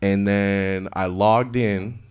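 A male stand-up speaks in a fairly low, steady voice, drawing out his words as he improvises a story on a club stage. Holding a handheld mic, he alternates between loud acted-out quotations and soft mumbled asides.

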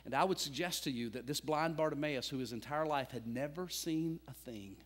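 A male pastor preaching a sermon, telling a story dramatically and swinging between loud and hushed. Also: medium pitch. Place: church sanctuary. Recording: long church reverb.

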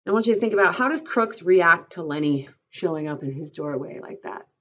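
A woman teacher reading a novel aloud, steady and clear, stopping to pose questions to her class. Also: on the low side, a little fast. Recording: dull lo-fi recording.

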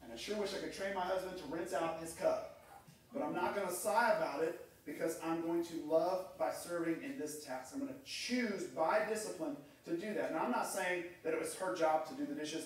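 A man's voice: a little high, brisk. A middle-aged man preaching a sermon as pastor, telling stories and acting out quoted voices. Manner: storytelling, acts out quoted voices. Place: church sanctuary. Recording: echoey room, mic far off.

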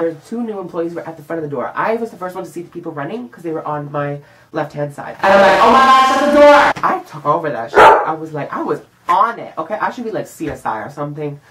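A young man vlogging a casual storytime monologue, animated and profane, acting out what he said in the moment. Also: a little high, fast, rough recording. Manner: animated and profane, acts out his own lines.

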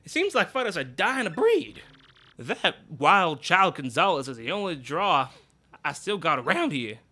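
A man voicing a folksy, loud male boss with a hearty country drawl. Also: on the high side, very animated, measured pace, exaggerated voice.

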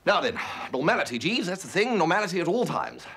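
An actor playing a bumbling young English gentleman who hesitates and stammers, full of ums. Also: sits high, wildly swooping pitch, fast, heavily acted. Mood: flustered.

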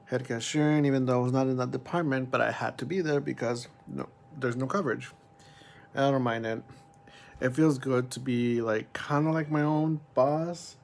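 A man's voice: medium pitch, steady tone, moderate pace, creaky, darkish tone, slight background noise. A young man vlogging at home, chatting casually and rambling about his day and his cat. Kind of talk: casual chat to camera. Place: at home, pet cat nearby.

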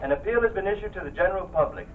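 A formal radio newscaster. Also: male voice, high-pitched, very fast, slight background noise. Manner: even formal news delivery. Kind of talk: 1940s TV drama acting. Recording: tinny distant radio broadcast sound.

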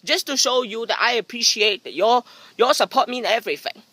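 His voice sits at an extremely high pitch with a breathy edge, moving a little fast and free of echo. The vlogger is outdoors beside a private pool, filming on the front camera of his phone, delivering a rambling comedic monologue of sarcastic, deadpan self-mockery.

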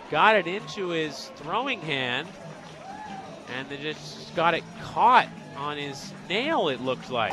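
A young man calling baseball play-by-play, excitable and rising to shouts on the big hits. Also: high voice, background noise. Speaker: radio play-by-play announcer.

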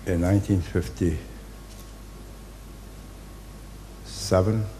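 A man, giving a public speech in deliberate, halting phrases and hitting key words hard. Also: low-pitched, steady tone, dark tone, slight background noise. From Singapore. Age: 80s. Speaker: invited speaker.

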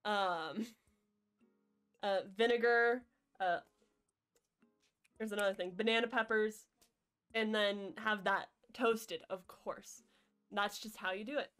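A woman's voice: mid-range voice, steady tone, takes it slowly, long pauses, a bit bright, smooth, faint music behind. A woman streaming a video game, chatting casually and playfully with her viewers in a jokey, rambling way. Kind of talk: casual gameplay chat.

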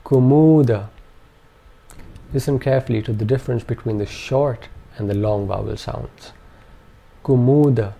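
A man's voice: lowish voice, fairly even intonation, a little fast, gravelly, hardly any pauses, warm tone, breathy edge. A man narrating a scripted language lesson, carefully enunciating each syllable and repeating words for practice. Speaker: language teacher.

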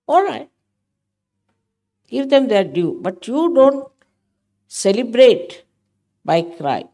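A woman's voice: on the low side, very animated, unhurried, long pauses, a little mellow. An older woman giving a spiritual talk to her followers, emphatic and motherly, often scolding. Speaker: spiritual teacher.

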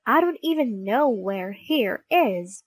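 A woman reading as an earnest, curious young male dog, a bit nervous and always hungry. The voice is fairly high and lively, spoken slowly and close. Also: no room sound. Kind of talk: children's storybook reading.

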